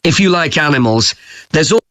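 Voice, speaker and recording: A man reads scripted directions for a listening test in a clear, measured way. The recording is dry and close. His voice sits a little above average pitch. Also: expressive, a bit bright, no room sound. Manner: clear, deliberate giving of directions. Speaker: exam recording speaker.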